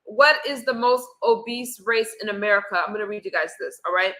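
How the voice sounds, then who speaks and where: A woman hosting a casual panel discussion, opinionated and quick to argue her point. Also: medium pitch, pushed and bright, poor audio. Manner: opinionated, argumentative. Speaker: host.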